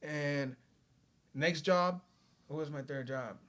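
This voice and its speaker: A man's voice: fairly high pitch, slow pace, bright, forceful tone. A man, telling his life story on a podcast in a laid-back way, swearing often and saying "you know" a lot. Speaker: podcast guest. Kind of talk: casual storytelling.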